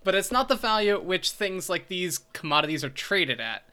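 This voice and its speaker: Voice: medium pitch, very animated, fairly quick, sharp tone. A speaker chatting with friends, explaining things matter-of-factly and swearing now and then. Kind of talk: casual chat.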